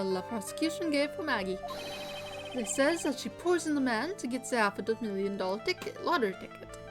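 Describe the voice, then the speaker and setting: A woman's voice: fairly high pitch, natural voice. A woman voicing a flamboyant middle-aged male French chef with a fake French accent, theatrical and indignant, over game music. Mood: pleading. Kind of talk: reading game dialogue aloud on stream.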